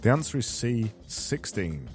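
A man's voice: medium pitch, sing-song, measured pace, soft background music. Sarcastic Yorkshire man hosting a podcast. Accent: Barnsley, Yorkshire. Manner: rambling, self-mocking and sarcastic. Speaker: podcast host. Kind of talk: solo podcast with quiz segments.

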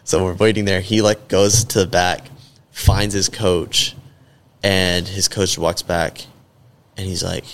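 Man, very low voice with vocal fry, rambling and profane, casual podcast story. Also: level tone, slow pace.

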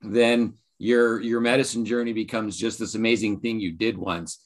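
A man's voice: fairly low pitch, little pitch movement, moderate pace. Thoughtful man in a podcast chat. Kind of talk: casual podcast conversation.

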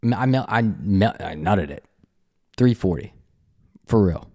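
Animated man telling golf stories. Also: on the low side, a little slow. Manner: animated, laughing storyteller. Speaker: podcast host. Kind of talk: casual chat, storytelling.

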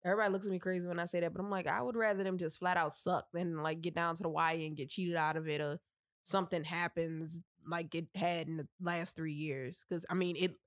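A woman co-hosting a podcast, speaking candidly in quick, chatty bursts. Her voice is on the low side for a woman and sounds close and dry. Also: steady tone, dry recording. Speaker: podcast co-host. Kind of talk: casual podcast chat.

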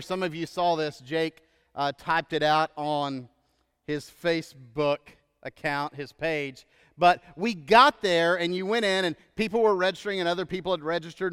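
A male pastor preaching a sermon in a relaxed, storytelling way, often checking in with "right?". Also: high voice, clean tone, big-room sound.

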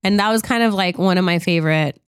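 A young woman talks casually and quickly about a film, breaking into laughs. Her voice is smooth and a little low. It sits close and dry, with no room sound. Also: no echo. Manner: chatty, laughs often, acts out quotes with a swear. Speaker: podcast co-host. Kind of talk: casual chat reviewing a film.

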